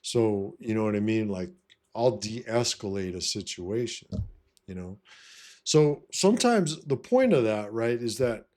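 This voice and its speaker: A man's voice: lowish voice, lively intonation, unhurried, a little mellow. A man talking casually to camera, blunt and profane, who keeps saying "you know what I mean". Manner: blunt, swaggering. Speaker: vlogger giving life advice. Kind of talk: casual monologue.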